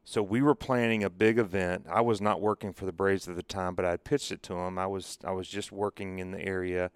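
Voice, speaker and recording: A man who is a retired ballplayer, chatting casually and telling stories in a measured, reflective way. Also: low voice, steady tone, smooth, dry recording, clean studio sound. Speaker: retired ballplayer, podcast co-host. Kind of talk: casual chat.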